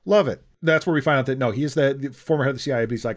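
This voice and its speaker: A man co-hosting a podcast, chatting casually and retelling a film in a rambling, animated way. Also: medium pitch, racing. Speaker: podcast co-host. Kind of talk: casual chat.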